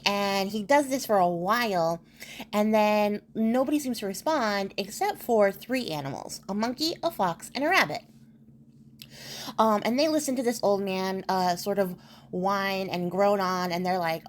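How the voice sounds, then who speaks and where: A woman's voice: mid-range voice, animated, normal speed, a little hiss or hum. A woman craft vlogger retelling a folk tale in a chatty, casual way with laughing asides. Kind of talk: casual storytelling.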